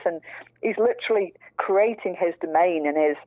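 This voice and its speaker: A woman's voice: on the low side, brisk, dark tone, dry recording. A woman telling a story in a casual interview, chatty and frank, swearing freely. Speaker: guest, prisoner's fiancée. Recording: dull lo-fi dry recording.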